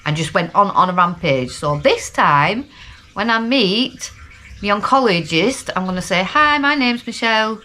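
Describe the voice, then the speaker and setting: Bright, forceful and fairly low-pitched, this middle-aged woman's voice has lively intonation and a slightly slow pace. A vlogger from Lancashire, England, with the local accent, she chats and rambles casually in an unpretentious video diary.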